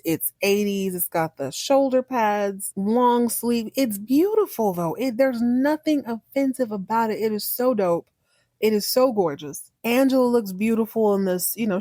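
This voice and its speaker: A woman's voice: mid-range voice, darkish tone, dry recording, studio quality. A woman hosting a podcast, giving a casual, candid and slangy recap of a TV episode. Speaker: podcast host.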